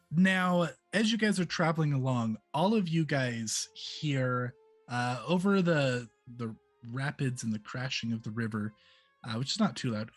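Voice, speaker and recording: A man running a tabletop game as game master, chatty and relaxed, with many fillers. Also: mid-range voice, no echo.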